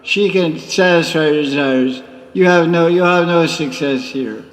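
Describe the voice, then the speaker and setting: A man's voice: fairly high pitch, unhurried, close to an everyday voice. A man voicing a proud young goddess who curtly dismisses her lover, in an echoey hall. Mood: dismissive. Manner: curt, dismissive.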